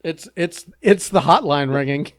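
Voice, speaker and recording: A man's voice: on the high side, animated, measured pace. A man co-hosting a podcast in casual chat, reacting with laughs and teasing jokes. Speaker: podcast co-host.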